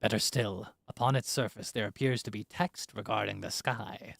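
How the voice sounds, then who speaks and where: A man doing a pompous fish-folk historian from a fantasy game, his words rolling out grand and pirate-like with a gravelly edge. The sound is close and dry, with no room around it. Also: lowish voice, moderate pace, a bit bright, no echo. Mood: grandiose.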